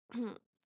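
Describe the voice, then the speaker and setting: A woman hosting a live stream speaks softly and slowly, moved close to tears as she reads viewers' comments. Her pitch stays flat and even, and the close mic sounds dry with no room around it. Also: husky, dry recording, highs cut off. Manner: tearful, laughing, soft and halting. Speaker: live session host. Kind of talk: emotional live-stream chat.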